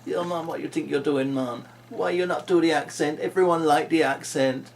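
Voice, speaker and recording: A man's voice: fairly high pitch, normal speed, creaky, slight background noise, voice pushed up. A man doing a brash, heckling slangy guy.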